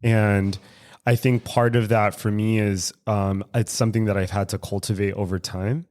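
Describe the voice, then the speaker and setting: A man telling a personal story as guest co-host on a casual podcast, animated, laughing often and swearing. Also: lowish voice, moderate pace. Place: recovery club room in San Francisco.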